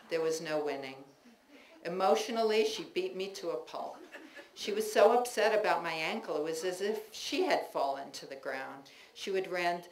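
Memoir reader, woman, wry expressive delivery, lowish voice, roomy bookstore acoustics. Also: normal speed. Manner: wry, expressive storytelling with warm laughter. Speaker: writer reading her work. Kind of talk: live memoir reading. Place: bookstore reading, indoors. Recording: roomy bookstore with faint noise.

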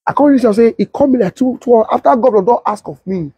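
A young adult man with a Nigerian Pidgin English accent, telling a story and acting out the voices of others in a husky tone. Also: fast, dry recording, highs cut off. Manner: switches to high excited voice when quoting others. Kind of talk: animated storytelling with acted-out quotes.

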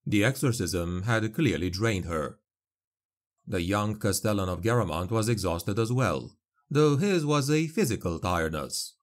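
A man narrating a dark fantasy audiobook in a grave, measured way. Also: on the low side, expressive.

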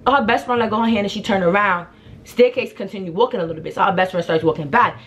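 A young woman telling a story in a casual, slangy, animated way, acting out what people said. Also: mid-range voice, fast talker, slight background noise. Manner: animated, slangy, acts out the quotes. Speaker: vlogger.

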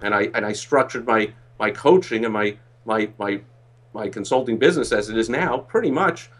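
Male business coach, interview guest, animated storyteller. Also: on the low side, moderate pace. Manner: animated, acts out quoted voices.

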